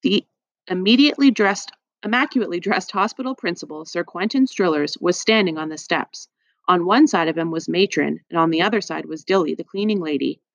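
A woman's voice: fairly low pitch, a little fast, vocal fry, dry recording. Woman reading a children's audiobook. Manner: lively storytelling. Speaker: audiobook reader.

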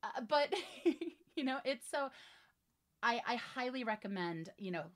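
A woman in her forties, a voiceover artist and director, chatting in an interview with lively, emphatic energy and frequent laughs. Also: on the high side, measured pace. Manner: animated, laughing, emphatic storytelling. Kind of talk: casual interview chat.

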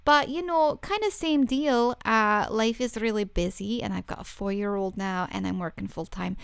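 A woman's voice: mid-range voice, normal speed, vocal fry, smooth, no echo, clean studio sound. A woman hosting her own podcast, talking casually and playfully to listeners, poking fun at herself, with plenty of ums. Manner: chatty, playful, self-mocking, lots of fillers. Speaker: podcast host.

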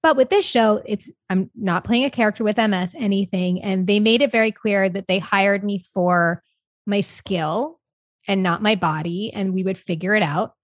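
A young adult woman co-hosting a podcast, talking in a candid, rambling, expressive way. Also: mid-range voice, moderate pace, no echo, clean studio sound. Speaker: podcast co-host. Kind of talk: casual chat.

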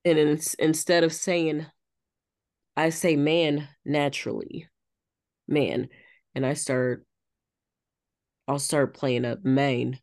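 A woman's voice: low voice, little pitch movement, slow pace, pauses often, a little mellow, no room sound, clean studio sound. A woman co-hosting a podcast in casual chat, thoughtful and searching for her words as she explains herself. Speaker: podcast co-host.

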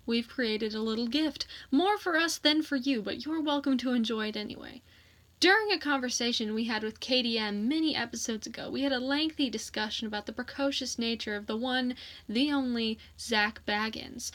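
A woman's voice: on the high side, a bit bright. A woman podcast host reading a jokey scripted introduction to the episode.

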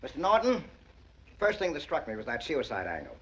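An actor playing a fast-talking, scornful insurance claims man who lectures in a rapid, list-reciting tirade, heard from a dull old film soundtrack. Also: medium pitch, huge pitch swings, a bit bright, slight background noise. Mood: sardonic.

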